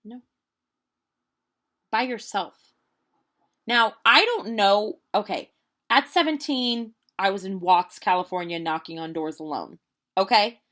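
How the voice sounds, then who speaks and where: Woman, late 20s, vlogger, lively casual storyteller. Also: medium pitch, takes it slowly, long pauses. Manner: animated, chatty storytelling with quoted voices.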